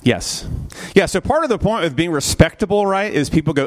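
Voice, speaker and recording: A man's voice: sits high, sing-song, fairly quick. A man teaching a church Bible study class in a conversational way, asking the group questions, often adding "right?", and briefly acting out the characters he quotes. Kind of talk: interactive church class lecture.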